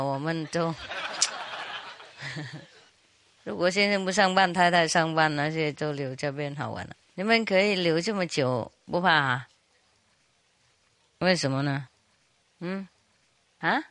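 A woman's voice: on the low side, measured pace, long pauses, fairly bright tone, slight background noise. A woman teacher giving an informal talk to a retreat audience, teasing them playfully with frequent laughter and switching between English and Chinese.

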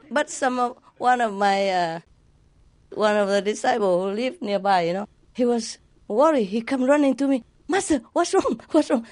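A woman's voice: a little high, darkish tone, no echo. A spiritual teacher, a woman, chatting casually with a group in non-native English phrasing, laughing often and playfully imitating sounds. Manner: laughs often while talking.

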